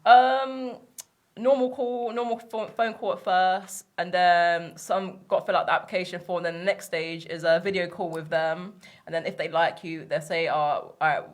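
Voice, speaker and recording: A woman's voice: fairly low pitch, steady tone, normal speed. A woman, a guest chatting casually in a frank, blunt way and laughing easily. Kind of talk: casual chat.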